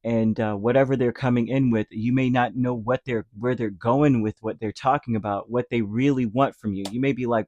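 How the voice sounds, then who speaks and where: A man's voice: medium pitch, steady tone, brisk, few pauses, a little mellow, no room sound, muffled recording. A man giving a casual tarot reading, rambling with many fillers and slipping into short acted-out quotes. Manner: rambling, filler-heavy, acts out little imagined quotes. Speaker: tarot reader.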